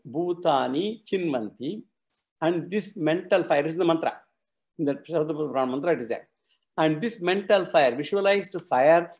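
Man teaching scripture, slightly high. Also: darkish tone. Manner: methodical, repeats and defines Sanskrit terms. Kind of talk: scripture class lecture.

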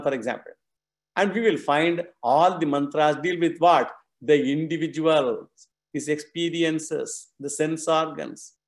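A man teaching a scripture class, explaining terms one by one and asking and answering his own questions. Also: fairly high pitch. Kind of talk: scripture lecture.

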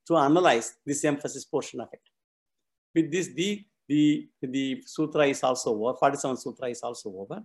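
A man teaching a scripture class, methodically repeating and explaining Sanskrit terms. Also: fairly high pitch.

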